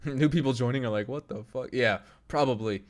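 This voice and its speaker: A man's voice: medium pitch, a little fast. Laid-back young male streamer. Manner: loose, laughing, reads chat aloud and tries impressions. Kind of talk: casual live-stream chat.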